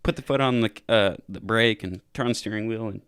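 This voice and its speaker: A man's voice: on the low side, brisk, clean tone, no echo, studio quality. A young man co-hosting a podcast, telling a long drunken night-out story in a casual, profane way and acting out the quotes. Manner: profane, animated retelling with acted-out quotes. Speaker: podcast co-host.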